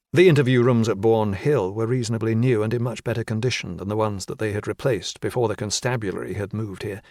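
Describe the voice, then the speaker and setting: A man narrating a crime thriller audiobook in a steady, measured reading. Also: on the low side, no echo, studio quality. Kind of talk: scripted narration.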